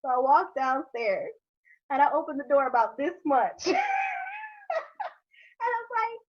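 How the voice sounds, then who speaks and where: High, lively woman spinning a story. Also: measured pace, shouting, dull audio. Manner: animated storyteller, swears freely, laughs often. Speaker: mother telling a story from her youth. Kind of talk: casual podcast chat.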